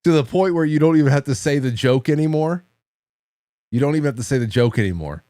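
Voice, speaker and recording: A man in his forties hosting a late-night call-in show, telling stories in a rambling way with laughter and quick restarts. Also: mid-range voice, mellow, no echo, studio quality.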